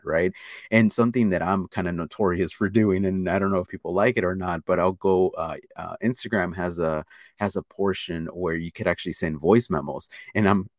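Deep-voiced animated man telling stories. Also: brisk, dry recording, clean studio sound. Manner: animated storyteller acting out dialogue; casual, many fillers and restarts. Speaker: podcast guest, watch channel creator. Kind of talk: casual interview chat.

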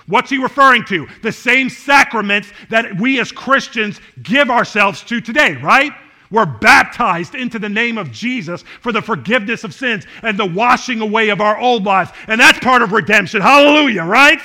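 Fervent high-voiced male preacher. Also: normal speed. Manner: swings from loud fervent preaching to soft quiet talk; asks the congregation questions. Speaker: pastor. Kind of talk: sermon. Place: church, before a congregation.

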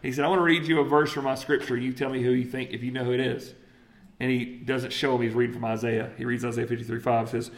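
A man's voice: mid-range voice, fast. A man from South Carolina with a Southern accent, preaching a conversational sermon, reading scripture and acting out voices. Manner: conversational, animated, quotes scripture and acts out voices.

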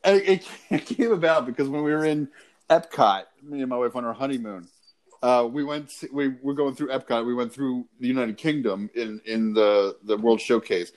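A man's voice: mid-range voice, normal speed, a little mellow. A man co-hosting a casual podcast, telling stories in a dry, laid-back way. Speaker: podcast co-host.

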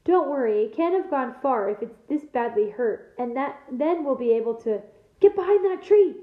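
Gruff blunt gamekeeper guy with rough dialect, lady reading it, echoey tinny sound. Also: fairly high pitch, normal speed, natural voice. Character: big gruff male gamekeeper, blunt and protective.

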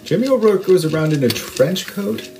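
Wry man bantering over loud music. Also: high voice, lively intonation, normal speed. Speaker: podcast co-host. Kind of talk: casual chat.

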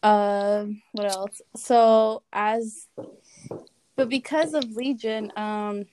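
A woman's voice: medium pitch, steady tone, very slow, a little mellow, slight background noise. A woman in a casual podcast chat who laughs, swears and hesitates with fillers. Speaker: podcast guest.

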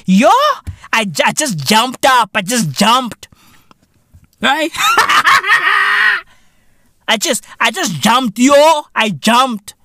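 A South African man hosting a podcast, ranting alone and swearing heavily. He slips local slang and Sesotho phrases into his English and swings from low mutters to loud shouts. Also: no echo, clean studio sound. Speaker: podcast host. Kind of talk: solo profane rant.

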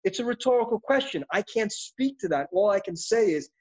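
A man's voice: sits high, expressive, brisk, husky. Intense middle-aged male actor, lo-fi audio. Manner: intense, passionate, reflective rambling. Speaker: actor guest. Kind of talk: interview conversation. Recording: dull lo-fi audio.

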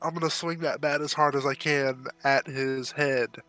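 Man player, casual, halting, mid pitch, faint music behind. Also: fairly even intonation, pushed and bright. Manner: hesitant, many "uh" fillers. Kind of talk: casual tabletop game play.

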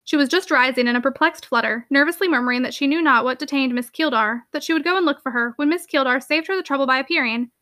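A woman narrating a classic novel aloud with a brisk, expressive reading. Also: high-pitched, no room sound, studio quality. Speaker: audiobook narrator.

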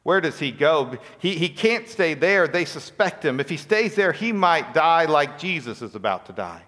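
A man's voice: fairly high pitch, sing-song, moderate pace, fairly bright tone, big-room sound. A man preaching a sermon, telling a story with acted-out quotes and rhetorical questions. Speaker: pastor.

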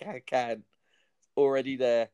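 A man's voice: mid-range voice, level tone, takes it slowly, dark tone, smooth. A man hosting a comedy podcast in casual chat, joking and laughing often.

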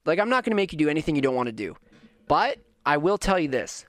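A man voicing a patient, encouraging middle-aged father who reasons gently with his son, a little higher than his own voice. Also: very animated, fast, no echo. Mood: earnest.

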